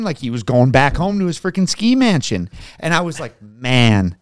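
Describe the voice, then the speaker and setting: A man co-hosting a podcast, telling a story in an animated, casual way with swearing. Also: a little high, brisk, creaky, dry recording, studio quality. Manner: animated, swears, mimics people. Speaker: podcast co-host. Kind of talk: casual chat.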